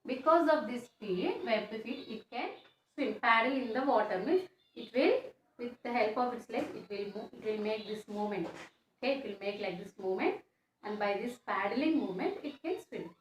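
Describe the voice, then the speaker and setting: Woman teacher, high voice, slow repetitive classroom delivery, echoey room. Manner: slow, repetitive explaining with question tags. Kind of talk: classroom science lesson. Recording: echoey room, faint background noise.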